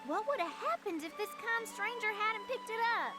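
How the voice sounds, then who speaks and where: A young country girl from a video game who speaks in a twangy American Southern accent with a folksy warmth. Her voice is very high and bounces all over its range. Loud game music plays under her lines. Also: lively intonation, normal speed. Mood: fond scolding. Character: young country girl, kind and fussing sister. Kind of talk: game voice acting.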